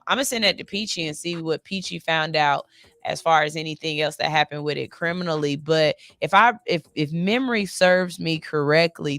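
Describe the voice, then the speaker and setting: A radio host with a low, creaky, slightly bright voice hosts a morning show from a cold studio, with no echo. She reads stories in a loose, chatty way, cursing casually and yawning between lines.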